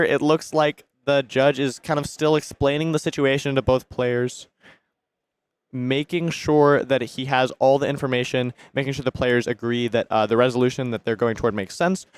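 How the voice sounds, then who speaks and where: Smooth, dry-sounding male commentator. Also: mid-range voice, normal speed, dry recording. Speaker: tournament commentator. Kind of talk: live card game commentary.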